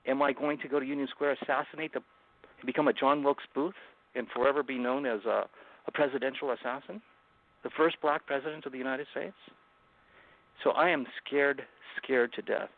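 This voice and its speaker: Gravelly man telling a tense story over a tinny line. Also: mid-range voice, fairly even intonation, brisk. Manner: intense, dramatic first-person retelling with acted-out quotes. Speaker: guest author. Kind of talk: recounting a personal story in an interview.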